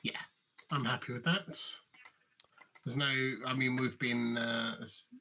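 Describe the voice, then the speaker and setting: A man's voice: mid-range voice, level tone, measured pace, sharp tone, highs cut off, slight background noise. A man co-hosting a casual live gamebook play-through, agreeable and easygoing and often restarting his sentences. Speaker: co-host playing the gamebook.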